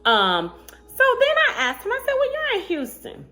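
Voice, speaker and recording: A woman with a high voice tells a dating story to her viewers in a casual storytime. Her pitch swings widely as she acts out both sides of the chat, and she is sassy and animated, laughing often along the way. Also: moderate pace. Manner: laughs often while telling. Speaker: vlogger telling a dating story.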